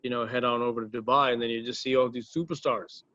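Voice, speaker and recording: A man tells stories in a loose, rambling way, full of "uh"s, false starts and casual swearing. His voice sits at an ordinary middle pitch. The recording is dry and a little dull, like lo-fi audio. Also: steady tone, quick pace, sharp tone, no room sound. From South India. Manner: rambling, profane, many fillers and restarts. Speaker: musician guest. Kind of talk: casual storytelling interview.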